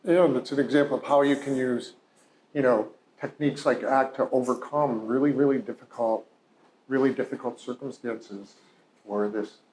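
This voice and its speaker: A man's voice: mid-range voice, steady tone, normal speed, a little mellow, slight background noise. A male psychologist telling a patient's story in a conversational, heartfelt lecture, full of "you know" and "like". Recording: roomy echo.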